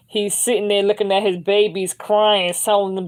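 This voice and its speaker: Woman doing a tarot reading, chatty and loose, mid pitch. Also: level tone, moderate pace, few pauses. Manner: loose and conversational, repeats "you know what I'm saying". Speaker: tarot reader. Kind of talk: spiritual reading monologue.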